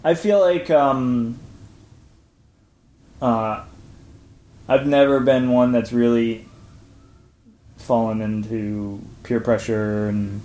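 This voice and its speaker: Relaxed man rambling in an echoey room. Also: mid-range voice, slow pace, pauses often. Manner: relaxed, rambling with many fillers. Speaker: podcast guest. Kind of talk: casual chat.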